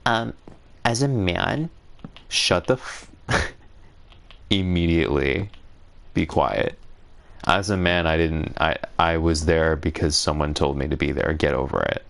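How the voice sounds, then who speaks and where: Very low gravelly man telling a story. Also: measured pace, pauses often, a bit bright. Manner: rambling, sarcastic, indignant, laughs often. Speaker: gaming streamer. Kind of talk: casual storytelling while playing.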